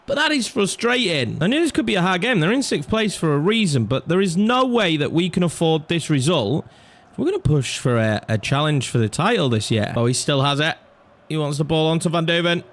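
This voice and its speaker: A young man commentating over his own football video game, excitable and swinging from low muttering to shouts at chances and goals. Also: brisk. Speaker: gaming YouTuber. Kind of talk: live commentary over gameplay.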